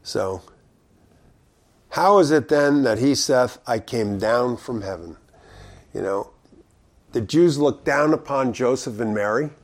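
Male preacher, mid-range voice, conversational verse-by-verse teaching with swings between emphatic and hushed delivery. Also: expressive, slow, long pauses. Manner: reads scripture aloud then explains it conversationally; shifts between loud emphatic stress and low quiet asides.

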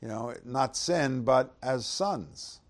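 A man preaching a conversational sermon, reading scripture aloud with loud swells and asking the audience rhetorical questions. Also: medium pitch, expressive, slow. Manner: loud dramatic swells when reading verses.

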